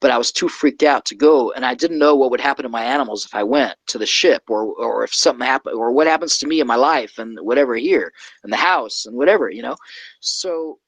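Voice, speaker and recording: A man tells a long personal story in a loose, rambling way and keeps tagging "okay?" onto his sentences. His voice sits at an ordinary middle pitch and sounds close and dry. It is casual conversation with a guest. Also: fairly quick, breathy edge, no room sound, rough recording. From California.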